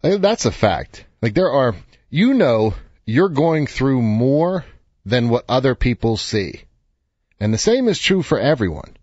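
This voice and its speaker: A man's voice: medium pitch, very animated, a little slow, a little mellow, no room sound, highs cut off. A man around fifty, an author giving an earnest, encouraging motivational talk with loose fillers. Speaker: author and speaker. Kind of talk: motivational direct-to-camera talk.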